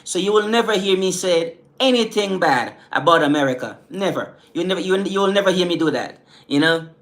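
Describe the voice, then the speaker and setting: His voice sits high and sounds animated and fairly bright, and he talks fairly quickly. He's a middle-aged Caribbean man with an island accent, casually chatting with viewers on a livestream in a relaxed way, peppered with "man" and "you know."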